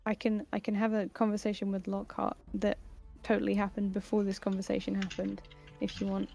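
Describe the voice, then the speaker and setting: A woman's voice: medium pitch, monotone, brisk, gravelly, mellow, soft background music. A woman playing a tabletop game and chatting playfully with the group. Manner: playful, giggly. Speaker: player. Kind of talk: casual chat during a tabletop game.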